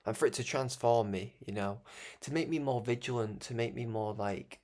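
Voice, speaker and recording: A man's voice: mid-range voice, moderate pace, darkish tone. A man with a Scouse accent hosting his own broadcast, talking through his thoughts in a rambling, reflective monologue that keeps restarting and breaks into chuckles. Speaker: broadcast host.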